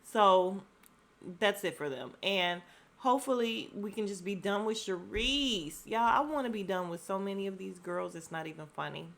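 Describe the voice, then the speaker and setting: A woman hosting a podcast, giving a sassy, blunt recap of reality show drama with mild profanity and quick mimicry of what people said. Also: medium pitch, gravelly, fairly bright tone. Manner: acts out quoted lines in bursts of mimicry. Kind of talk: casual recap commentary.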